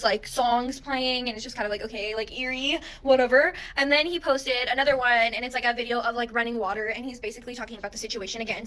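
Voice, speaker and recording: A young woman telling a wild personal story in a casual monologue, animated, exasperated and full of swearing. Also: high-pitched, rough recording. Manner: animated, profane, exasperated retelling.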